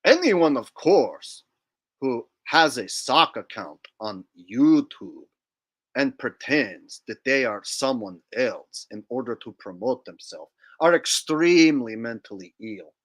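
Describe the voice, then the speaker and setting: Parody: a man playing a pompous, self-righteous online guy, slow and solemn. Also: medium pitch, sing-song. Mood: mock-solemn. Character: smug, pompous online man mocked by the host.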